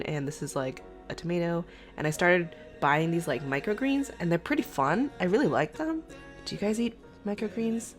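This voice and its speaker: A woman's voice: low-pitched, fairly bright tone. A woman with a sick, congested voice, chatting casually through a food vlog with lots of fillers. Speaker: food vlogger.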